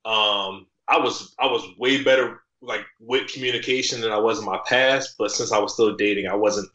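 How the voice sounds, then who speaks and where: Bright-voiced man in roomy sound. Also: on the low side, moderate pace, highs cut off. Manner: relaxed, rambling with many fillers and restarts. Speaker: podcast guest. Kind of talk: casual interview chat.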